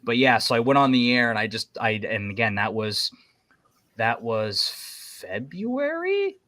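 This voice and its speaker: A man, a military veteran, chatting casually on a podcast and telling rambling, animated stories. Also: fairly low pitch, normal speed, no room sound, clean studio sound.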